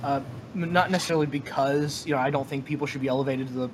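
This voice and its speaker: A man co-hosting a casual podcast discussion, talking in a halting way with many fillers and restarts. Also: mid-range voice, steady tone, background noise. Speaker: podcast co-host.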